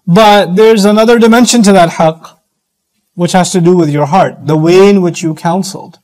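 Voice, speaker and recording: A middle-aged man giving a sermon-style lecture, animated, acting out quoted voices as he teaches. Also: high voice, normal speed, poor audio. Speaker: Islamic speaker.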